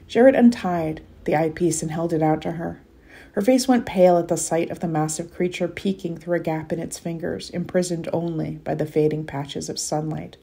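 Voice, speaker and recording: Woman reading her kids book out loud, low husky gravelly voice, measured. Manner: expressive, measured storytelling. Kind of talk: reading aloud from a children's novel.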